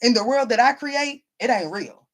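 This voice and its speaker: A woman's voice: on the high side, animated, moderate pace, fairly bright tone. A woman reading tarot for viewers in a loose, conversational way. She is blunt and swears freely, calls everyone baby or honey, and says her key lines twice for weight. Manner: emphatic, repeats lines for stress. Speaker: tarot reader. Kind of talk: casual live-stream reading, answering viewers.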